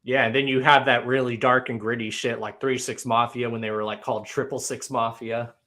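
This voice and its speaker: Easygoing male podcast host, bright clear tone, ordinary pitch. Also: level tone. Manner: easygoing, agreeable, quick affirmations. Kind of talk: casual chat on a livestream podcast.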